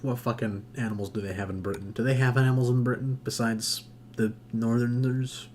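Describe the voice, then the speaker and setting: A man's voice: mid-range voice, steady tone, a little fast, darkish tone. A man from the United States chats loosely on a stream. He jokes crudely and laughs often. A faint hum runs under his voice. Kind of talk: casual chat.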